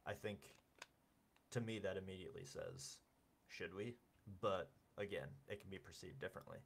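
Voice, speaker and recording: Deep gravelly man, distant mic. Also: a little fast, slight background noise. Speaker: podcast co-host. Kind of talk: casual gaming podcast discussion.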